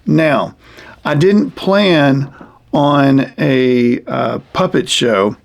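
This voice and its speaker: A man demonstrates a survival tool for a young audience in a loose, rambling way, circling back with plenty of fillers. His mid-pitched voice carries a gravelly texture throughout. He keeps a folksy, homespun manner as he explains. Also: extremely slow. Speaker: wilderness survival teacher. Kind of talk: casual how-to demonstration for kids.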